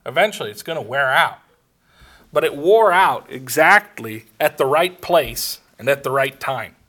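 A man's voice: medium pitch, animated, a little slow, sharp tone. A man preaching a sermon, telling a personal story with laughs and acted-out dialogue. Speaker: pastor.

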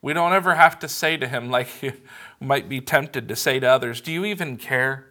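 A man preaching a sermon as pastor, earnest and measured, leaning on emphatic pauses. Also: mid-range voice, pushed and bright.

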